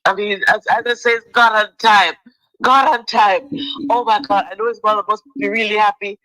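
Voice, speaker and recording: A woman's voice: medium pitch, fairly even intonation, normal speed, bright, forceful tone, dry recording, rough recording. A woman calling in to a talk show by phone, emotional and effusively thankful. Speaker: caller.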